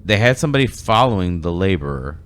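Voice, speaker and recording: Low voiced podcast guy rambling along, lots of uh and like. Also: sing-song, fast talker, smooth. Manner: rambling, many fillers and restarts. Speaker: podcast host. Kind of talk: casual discussion.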